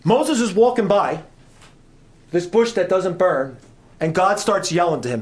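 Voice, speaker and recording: Lively middle-aged male preacher. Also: high voice, unhurried, pauses often. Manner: lively, questions the audience, swings from soft to loud. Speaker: guest preacher. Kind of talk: sermon.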